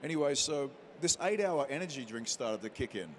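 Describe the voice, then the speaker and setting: A man in an interview, telling a story with plenty of life and slipping into the voices of the people in it. His voice sits in an ordinary middle pitch for a man. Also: a little fast, slight background noise. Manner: lively storyteller who acts out quotes. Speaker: interview guest, actor. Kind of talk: animated anecdote telling.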